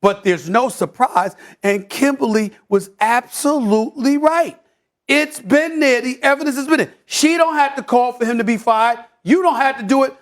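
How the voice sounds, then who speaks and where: Sports debate host, male, very high-pitched, theatrical and shouty, stammers repeats when fired up. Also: normal speed. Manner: theatrical, loud, mock-emotional rants; repeats words in bursts when excited.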